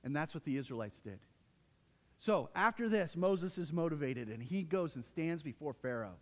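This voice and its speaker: A man preaches a sermon in a fairly high voice, telling stories with animated emphasis. His voice rings out with the long reverb of a large hall. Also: moderate pace. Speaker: pastor.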